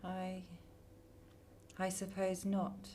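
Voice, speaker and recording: An actress playing a young woman, meek and quiet when she answers the AI and cheerful when she talks to her mother, in a radio drama. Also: mid-range voice, lively intonation, measured pace. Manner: meek with the AI, bubbly with her mum. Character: young woman under an AI's control.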